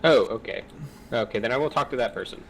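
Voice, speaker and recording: Relaxed man tabletop player. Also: mid-range voice, fast, slight background noise. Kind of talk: casual tabletop play.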